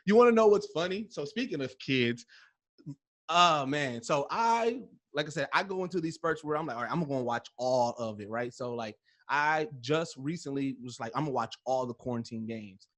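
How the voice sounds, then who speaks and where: A man hosting an interview show, telling stories in an animated way, acting out his own reactions and laughing easily. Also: mid-range voice, moderate pace. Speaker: host. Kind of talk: casual interview chat.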